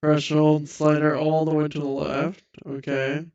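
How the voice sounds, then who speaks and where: A man's voice: fairly high pitch, little pitch movement, measured pace, darkish tone, smooth, no room sound, highs cut off. A man repeating instructions back while testing his microphone during a casual stream. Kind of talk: casual live-stream chat.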